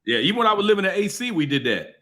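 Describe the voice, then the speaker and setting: A man's voice: high voice, very animated, very fast, bright, forceful tone. A man talking as a podcast guest in casual chat, giving confident advice.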